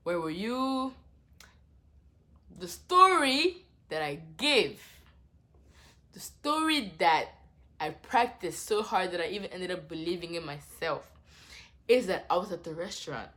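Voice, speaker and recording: A young woman telling a dramatic personal story in a casual vlog, swinging from hushed asides to loud exclamations. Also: on the low side, animated, a little slow. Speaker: vlogger.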